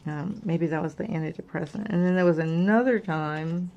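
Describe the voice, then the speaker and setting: Middle-aged female vlog host, low gravelly voice, rambling candid chat, faint background noise. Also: moderate pace, dull audio. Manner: candid, rambling, many fillers. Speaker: crafting channel host. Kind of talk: casual personal chat.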